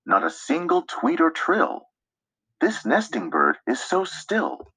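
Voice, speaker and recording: Picture-book reader, slow and sing-song, bright slightly breathy tone, does bird calls. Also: mid-range voice, huge pitch swings, no echo. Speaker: storybook reader. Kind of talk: children's picture-book read-aloud.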